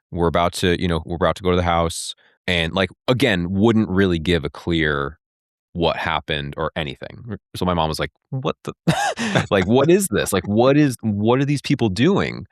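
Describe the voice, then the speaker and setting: This interview guest, a man in his thirties, retells something that happened to him, voicing the quoted dialogue and using lots of "like" fillers. His low-pitched voice is smooth and a bit bright, captured at studio quality with no room sound.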